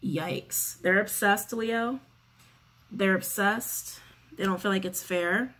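A tarot reader gives a casual spoken reading in a medium-pitched, slightly bright voice at a slow pace. She's chatty and sassy, swears freely, and repeats her phrases.

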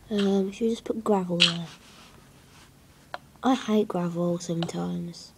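A woman's voice: lowish voice, steady tone, takes it slowly, gravelly, very noisy. A woman giving casual gameplay commentary, hesitant and rambling with many fillers. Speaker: gaming video creator.

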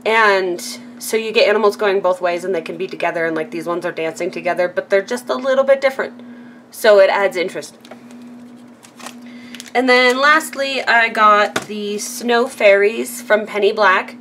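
A chatty woman from California rambles through a casual craft supply show-and-tell at a mid-range pitch. She fills the gaps with ums and restarts, and laughs at her own asides. A faint hum sits under her voice. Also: moderate pace, a bit bright. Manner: chatty and rambling, with frequent ums and self-corrections. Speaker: craft vlogger.

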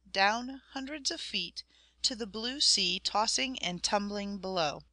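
A woman reading a story aloud as a narrator, in a measured storytelling manner that speaks to the listener. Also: mid-range voice, bright, forceful tone, no echo. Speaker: audiobook narrator. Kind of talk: scripted narration.

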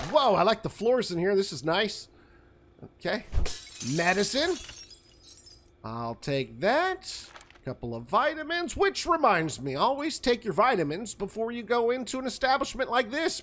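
A man's voice: sits high, a little hiss or hum. A man commentating his own survival game run, joking and talking to the enemies as he plays. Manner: jokey, talks to enemies, animated outbursts. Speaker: gaming video host. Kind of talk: let's play commentary.

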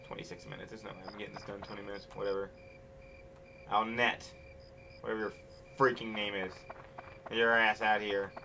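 A man's voice: on the low side, flat delivery, fairly quick, creaky, pauses often, noisy background. A man hosting his gaming channel, giving casual commentary as he plays, grumbling impatiently and swearing often. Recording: game music playing under the voice. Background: video game music.

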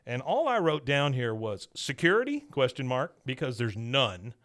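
A man retells an episode scene by scene in a casual podcast recap. His pitch rises and falls widely as he talks. His voice is bright and forceful. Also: big pitch swings, moderate pace. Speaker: podcast host.

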